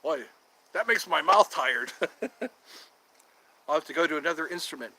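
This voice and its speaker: A man's voice: fairly high pitch, animated, moderate pace, vocal fry, long pauses, pushed and bright, no echo, low-quality recording. A man hosting a casual livestream, chatting with viewers in a playful, jokey, teasing way. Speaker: livestream host.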